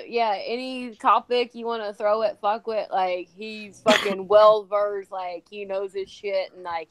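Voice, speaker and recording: A woman's voice: medium pitch, a bit bright, no room sound. Casual female co-host, laughs often, swears, uses lots of fillers. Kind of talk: casual chat.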